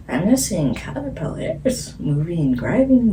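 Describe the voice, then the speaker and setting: A woman's voice: fairly low pitch, very animated, normal speed, few pauses, background noise. A woman vlogger channeling late at night at home, rambling dreamily and giggling between thoughts.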